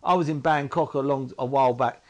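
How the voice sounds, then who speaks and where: Guy in an interview, mid pitch, stumbles a lot, lots of like and you know. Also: darkish tone. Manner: halting, repeats himself, many fillers. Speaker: guest. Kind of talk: emotional personal interview talk.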